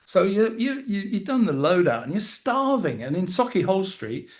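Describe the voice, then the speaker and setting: A man's voice: sits high, big pitch swings, moderate pace. A man from southern England with a southern English accent, co-hosting a podcast and telling rambling, self-deprecating stories in casual chat. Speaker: podcast co-host.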